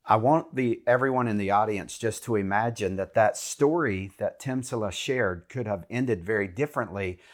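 A man's voice: on the low side, normal speed, hardly any pauses. A man co-hosting a Christian talk show, speaking in an earnest, encouraging, preacherly way. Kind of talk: faith talk show chat.

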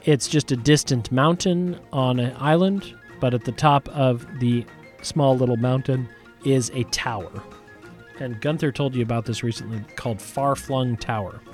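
A man narrating as game master, describing the scene in a relaxed, hedging way. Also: medium pitch, moderate pace, faint music behind. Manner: relaxed, descriptive, many hedges.

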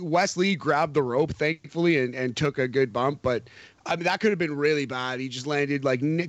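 A chatty man with a slightly high voice talks casually as a co-host, laughing easily as he goes. The sound is close and dry, with no room around him. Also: dry recording. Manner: chatty, laughs often, playful. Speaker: wrestling podcast co-host. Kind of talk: casual chat.

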